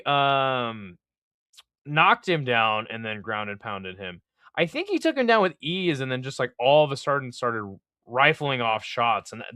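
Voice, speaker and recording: A man's voice: medium pitch, bright, forceful tone, dry recording, clean studio sound. A man hosting a live fight-picks stream, talking loosely and profanely while thinking aloud with lots of fillers. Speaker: podcast host giving fight picks. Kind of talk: casual live-stream chat.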